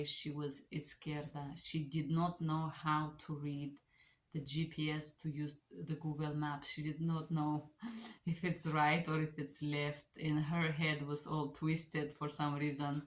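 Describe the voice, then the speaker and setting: A woman language teacher telling a story in a casual, animated way, with phrasing. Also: low-pitched, unhurried. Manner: animated, chatty, non-native phrasing. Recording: echoey room.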